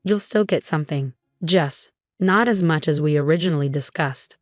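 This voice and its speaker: A man's voice: a little high, moderate pace, no room sound, studio quality, close to an everyday voice. A woman reading as a cold, scornful drunk father. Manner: blunt and scornful. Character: drunk, cold, dismissive middle-aged father.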